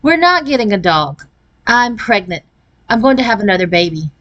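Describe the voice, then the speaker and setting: A woman's voice: mid-range voice, sing-song, normal speed, a bit bright, dull audio. A woman voicing a firm, rule-loving mother of ten in a storybook reading. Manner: firm, matter-of-fact.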